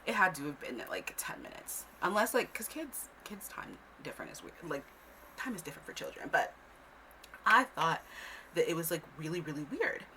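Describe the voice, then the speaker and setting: A woman telling a childhood story to camera in a casual vlog, animated and swearing freely, sometimes dropping to a whisper. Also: low-pitched, moderate pace, a little hiss or hum.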